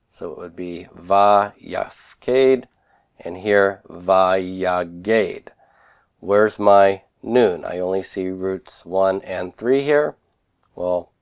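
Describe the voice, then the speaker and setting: Slow, methodical male grammar teacher. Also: low-pitched, darkish tone. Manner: slow, methodical, sounds out words syllable by syllable. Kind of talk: recorded classroom lecture.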